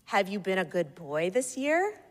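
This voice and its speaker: A grumpy, put-upon department store Santa gives flat, grudging lines with no cheer in them, as a woman reads him aloud. The pace is unhurried, and a long reverb hangs around each phrase. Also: mid-range voice. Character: surly shopping mall Santa, older man.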